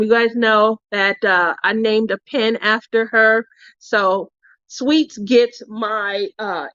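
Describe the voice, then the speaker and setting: A woman's voice: mid-range voice, a bit bright, no room sound, muffled recording. A woman vlogger telling a craft retreat story in a casual way, laughing often between sentences. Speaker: crafting vlogger giving awards.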